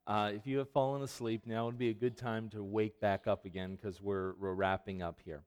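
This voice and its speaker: Preaching from the pulpit, this man alternates between easygoing remarks to his congregation and forceful, loud readings of scripture. His fairly low voice keeps a steady, clean tone at a normal speed.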